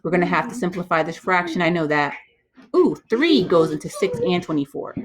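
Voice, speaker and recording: A woman's voice: lowish voice, animated, brisk, slight background noise. A woman math teacher talking herself through probability problems step by step, chatty and self-correcting. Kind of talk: thinking-aloud math walkthrough.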